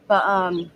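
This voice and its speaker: A woman in her mid-thirties speaking frankly in a street interview, halting with many ums and likes. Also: medium pitch, slight background noise. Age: 30s.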